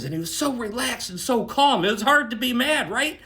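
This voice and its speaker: A man's voice: high voice, quick pace, hardly any pauses. A man casually recounting a dream, swearing freely and tagging his sentences with "right?". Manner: profane, animated, keeps adding "right?". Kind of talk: casual spoken storytelling.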